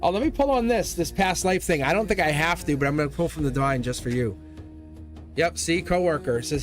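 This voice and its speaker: A man's voice: on the high side, expressive, fairly quick, faint music behind. A man reading tarot cards live for his viewers, chatty, laughing often and repeating himself. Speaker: tarot reader, livestream host.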